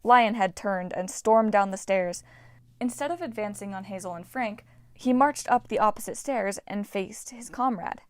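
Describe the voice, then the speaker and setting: Woman narrator for a fantasy audiobook, mid pitch, dry close recording, animated reads. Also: normal speed, no echo. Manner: lively, voices characters with shouts. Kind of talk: audiobook narration with character voices. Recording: dry, low-quality home recording.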